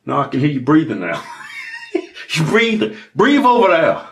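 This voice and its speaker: A man with a Southern American accent co-hosting a comedic show, teasing and profane with loud outbursts. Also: on the high side, huge pitch swings, brisk, gravelly. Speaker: co-host. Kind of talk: comedic banter.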